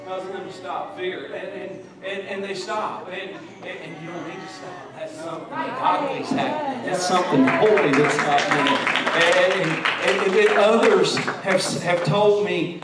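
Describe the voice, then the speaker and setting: A man preaching a sermon as pastor, swinging from soft and intimate to loud shouting, with many repeated "and, and" restarts. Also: sits high, a little slow, a loud crowd. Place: large church sanctuary. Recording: very echoey church hall, distant mic, congregation noise. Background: congregation.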